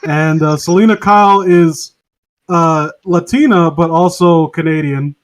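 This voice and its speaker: A podcast co-host with a voice on the high side speaks a little slowly. He rambles and swears through casual comedic chat, laughing often.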